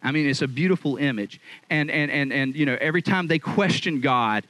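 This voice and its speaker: A man preaching a casual, conversational sermon in an animated, chatty way. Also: fairly high pitch, brisk, no echo, poor audio. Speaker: pastor.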